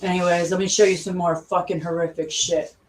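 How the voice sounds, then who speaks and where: A woman's voice: on the low side, level tone, a little fast, a little hiss or hum. A woman vlogger ranting angrily, swearing constantly and repeating herself. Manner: furious, swearing constantly, repetitive. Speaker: conspiracy vlogger. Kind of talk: angry profane rant.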